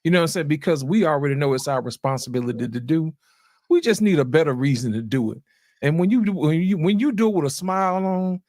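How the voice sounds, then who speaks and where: A man hosting a podcast panel in casual chat, animated and often asking "you know what I'm saying". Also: fairly high pitch, fast, dry recording, clean studio sound. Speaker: podcast host.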